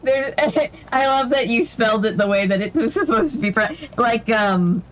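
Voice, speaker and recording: A woman's voice: on the high side, lively intonation, normal speed. Giggly woman chatting over a game. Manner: giggly, laughs often. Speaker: podcast co-host. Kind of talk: casual chat while gaming.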